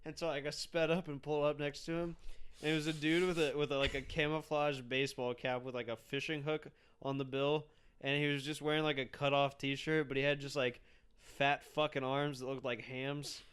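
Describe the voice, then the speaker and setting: A man's voice: a little high, level tone, a little fast, fairly bright tone, smooth. A young man appearing as a podcast guest, telling a wry, joking story in casual chat.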